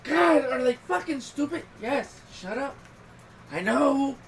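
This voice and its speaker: A man co-hosts a casual podcast chat with a voice that swings widely in pitch. He jokes and swears freely, keeping the talk loose and irreverent. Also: lively intonation, slow, vocal fry, a little hiss or hum. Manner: profane, joking, laughs often. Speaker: podcast co-host.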